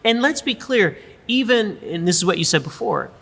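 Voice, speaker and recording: A middle-aged American woman speaking as an interview guest, emphatic and animated, drawling "y'all" and checking in with "right?". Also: mid-range voice, normal speed, slightly rough. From United States. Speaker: guest, business school dean. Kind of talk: candid conversational interview. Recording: reverberant room.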